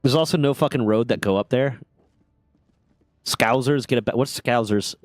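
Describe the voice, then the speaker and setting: A man's voice: medium pitch, moderate pace, no room sound, clean studio sound, soft background music. A man from the United States hosting a stream, chatting casually with a lot of swearing, rambling asides and frequent laughter. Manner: profane, rambling, laughs often. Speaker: streamer host. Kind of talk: casual podcast-style chat.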